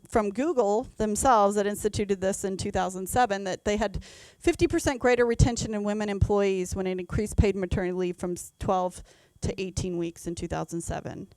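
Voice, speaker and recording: A woman's voice: medium pitch, clear, resonant tone, no room sound. A woman in her thirties, an HR leader presenting a conference talk with frequent ums and self-corrections. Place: event venue.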